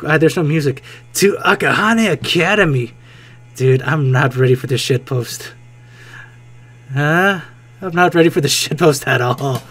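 Excitable young man doing let's play commentary. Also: medium pitch, moderate pace, faint music behind. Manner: excitable, joking, swears freely, reacts loudly. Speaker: gaming video host.

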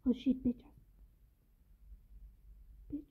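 A woman gamer giving casual let's-play commentary on a horror game, jumpy, swearing often and talking to her viewers. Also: extremely slow. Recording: tinny phone-like lo-fi audio with faint noise.

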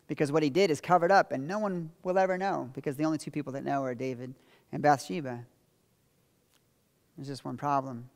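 A man preaching a sermon as pastor, telling a Bible story and moving between emphatic quotes and quiet confession. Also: mid-range voice, vocal fry. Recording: long reverb of a large hall.

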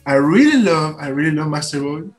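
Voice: medium pitch, lively intonation, fast. An interviewer hosting the show, enthusiastic, asking questions and giving brief backchannels. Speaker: interviewer, channel host.

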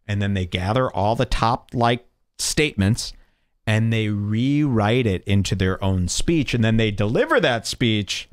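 A man's voice: on the low side, expressive, a little slow. A man hosting a podcast, delivering a rambling, mock-serious comedic monologue with sarcastic, theatrical swings in his voice. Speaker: podcast host.

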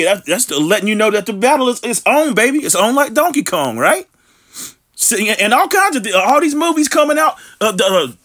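A man's voice: high voice, fairly bright tone. A man preaching an online sermon from home, reading scripture aloud and breaking in with emphatic rhetorical questions and street slang.

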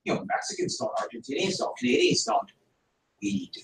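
A man teaching a classroom history lesson, his voice sitting somewhat high and swinging widely as he presses his points with rhetorical questions. He is picked up from a distance, so the room's echo hangs around every phrase. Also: big pitch swings, a little fast, creaky, a bit bright. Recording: echoey room, from far off.

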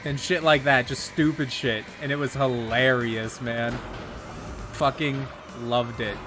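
A man's voice: mid-range voice, fairly even intonation, unhurried, noisy background. A young man streaming a racing game from his bedroom, chatting casually, swearing often and laughing a lot. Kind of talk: casual gameplay commentary.

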